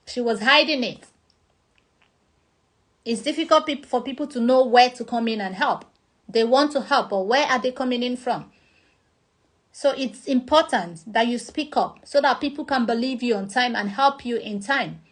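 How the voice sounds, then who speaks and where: A woman with a Nigerian accent explaining a topic in a chatty vlog, acting out examples. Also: sits high. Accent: Nigerian English. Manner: chatty, uses acted-out examples. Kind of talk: casual explanatory talk.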